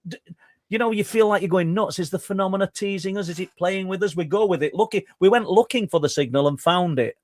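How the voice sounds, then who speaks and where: A man's voice: sits high, fast talker, dry recording, clean studio sound. Talkative Yorkshire man telling a story. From Yorkshire, England. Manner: talkative, stumbling restarts, animated. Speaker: guest researcher. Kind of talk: storytelling in conversation.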